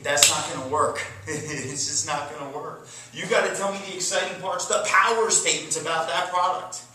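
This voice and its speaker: Guy doing a sales training talk, kinda high voice, big tone swings, echoey room, mic far off. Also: pushed and bright, slight background noise. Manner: emphatic, dramatic shifts in tone and volume.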